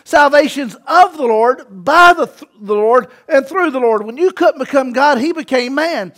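Man, 40s, very high-pitched, emphatic sermon, shouting preacher. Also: lively intonation, normal speed. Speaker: pastor.

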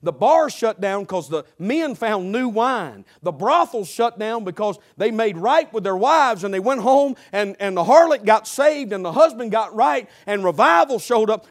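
Man, pastor preaching a sermon, high voice, emphatic and repetitive, joking.

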